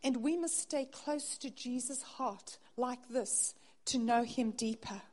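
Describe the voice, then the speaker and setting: A woman preaching a sermon in an earnest way, her voice dropping soft on tender phrases. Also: fairly high pitch, slow pace. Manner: earnest, softening to near-hush on intimate phrases.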